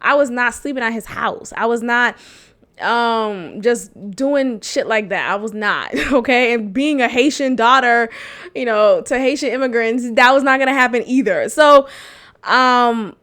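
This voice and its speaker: Young woman podcaster, real blunt and cussing, high bright voice, laughs a lot. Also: unhurried. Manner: frank, profane, animated, laughs often. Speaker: podcast host. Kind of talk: candid storytelling monologue.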